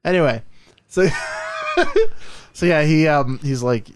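A man's voice: fairly high pitch, moderate pace, clean tone, dry recording. A man co-hosting a comedy movie podcast, rambling and sarcastic with lots of profanity. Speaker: podcast co-host. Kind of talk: casual comedic movie review chat.

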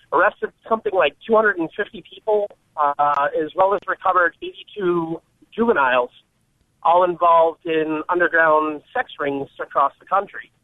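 A caller, a man with a somewhat high voice, coming through a thin, tinny phone line. He talks hesitantly and fills his pauses with "uh.". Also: no echo. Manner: hesitant, many fillers. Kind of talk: call-in to a talk show.

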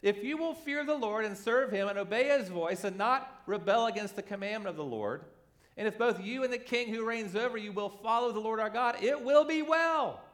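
Male pastor mid-sermon, high, lively delivery, acts out the quotes. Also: moderate pace. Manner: animated, acts out quoted voices.

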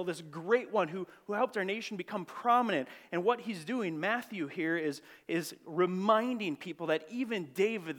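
A pastor preaching a conversational, earnest sermon in church, asking rhetorical questions. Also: male voice, fairly high pitch, fairly bright tone.

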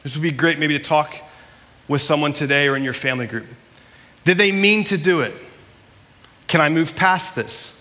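Pastor, male, fairly high and bright tone; earnest conversational sermon delivery in a reverberant sanctuary. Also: moderate pace, pauses often. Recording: long hall reverb.

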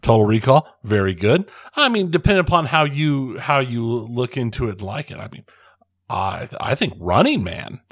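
A man's voice: mid-range voice, animated, normal speed, a bit bright, no echo. A man co-hosting a podcast in casual chat, starting over and repeating his words, laughing often. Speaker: podcast co-host.

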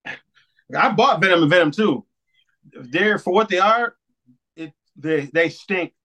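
A man in casual podcast chat, with a voice pitched a bit high. He talks in an animated way, swears freely and laughs often. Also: slow pace, poor audio. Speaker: podcast co-host.

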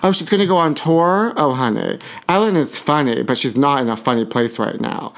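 This podcast host is a man with a gravelly, medium-pitched voice who reads celebrity gossip aloud at a moderate pace. He's animated and campy, tossing in sassy asides and giggles between tabloid items.

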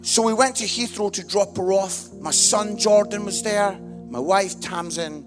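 A middle-aged man, telling a funny family story as a sermon, moving from hushed lines to shouted ones. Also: high-pitched, a little slow, few pauses, music in the background. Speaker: preacher.

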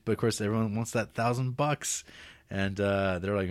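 A man's voice: lowish voice, fairly even intonation, moderate pace, no echo. A man co-hosting a casual film podcast, talking loosely with lots of fillers and swearing. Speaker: podcast co-host.

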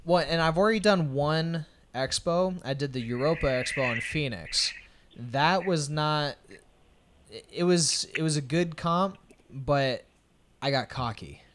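Male podcast co-host, animated and hyped, faint background noise. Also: fairly high pitch, unhurried. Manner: animated, hyped storytelling, swearing. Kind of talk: casual chat.

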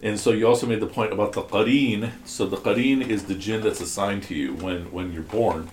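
A man's voice: on the low side, a little fast, roomy sound, a little hiss or hum. A man teaching a class, explaining ideas step by step and asking his students questions. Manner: explanatory, asks the class questions, many restarts. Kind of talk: classroom commentary on scripture.

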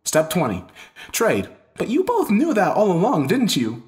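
A man's voice: high voice, wildly swooping pitch, moderate pace, voice pushed up. A man playing a desperate, furious father, speaking urgently and in bursts of anger. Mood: confronting. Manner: shouting, urgent.

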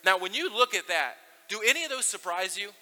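A male pastor preaching in a casual, conversational way, stumbling and restarting now and then. His voice sits high and rings very bright. A long church-hall reverb trails after his words. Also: animated, fairly quick. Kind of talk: sermon.

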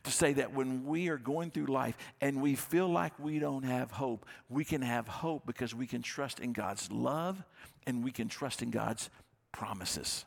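A man's voice: mid-range voice, measured pace, gravelly. A male pastor giving a sermon in an earnest, conversational way, often repeating his phrases.

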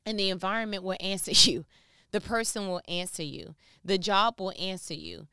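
A woman's voice: medium pitch, steady tone, moderate pace, gravelly, sharp tone, clean tone, no echo, clean studio sound. A woman giving a casual, joking devotional talk, speaking straight to the listener. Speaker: Bible teacher.

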